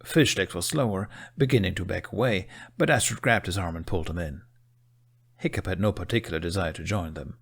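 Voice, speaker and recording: Low-voiced man narrating a fanfic. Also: brisk, vocal fry, a bit bright, breathy edge. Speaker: audiobook narrator. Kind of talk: fan fiction audiobook narration.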